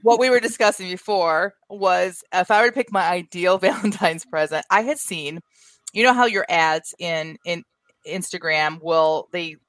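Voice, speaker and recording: A woman's voice: on the low side, moderate pace, a bit bright, no room sound. A woman co-hosting a casual chat show, talking in a rambling, self-deprecating way. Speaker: co-host.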